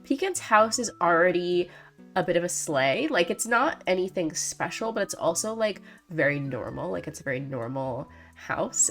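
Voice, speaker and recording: Young woman host, low voice, rambly casual game commentary, soft music under her. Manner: chatty, rambling, playful, lots of "like" and "um". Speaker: gaming video host.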